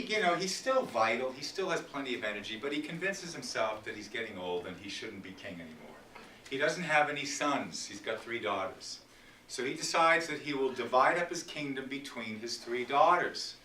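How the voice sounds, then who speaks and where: A man's voice: medium pitch, sharp tone. Casual library lecture, chatty man, roomy echo, faint room hiss behind. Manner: chatty, storytelling retelling with asides. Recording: echoey room from far off.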